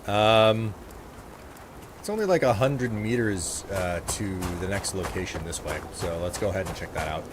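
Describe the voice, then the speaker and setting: A man's voice: deep voice, normal speed, noisy background. A man streaming a game, giving casual, sarcastic commentary and poking fun at himself. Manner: sarcastic, joking, self-mocking.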